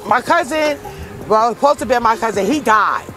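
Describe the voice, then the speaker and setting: A woman's voice: on the high side, lively intonation, normal speed, a bit bright, faint music behind, poor audio. New woman telling a raw personal story. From Brooklyn, New York. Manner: candid, emotional, street-style storytelling. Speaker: interview guest. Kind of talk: personal testimony in an interview.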